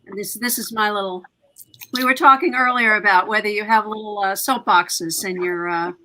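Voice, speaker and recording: A middle-aged woman speaking as an author on a video-call panel, animated and self-deprecating. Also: medium pitch, normal speed, rough recording. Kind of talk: casual panel discussion.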